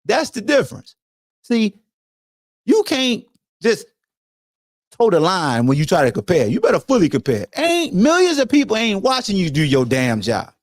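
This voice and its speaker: A man's voice: high voice, wildly swooping pitch, normal speed, no room sound, studio quality. A man hosting a sports podcast, ranting in a casual, profane, lecturing way. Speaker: podcast host. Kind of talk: casual sports commentary rant.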